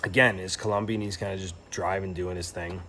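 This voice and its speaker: A man's voice: sits low, fairly even intonation, brisk, bright, forceful tone. A young man telling a travel story in a casual, rambling and reflective way, with lots of fillers and restarts. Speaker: travel vlogger.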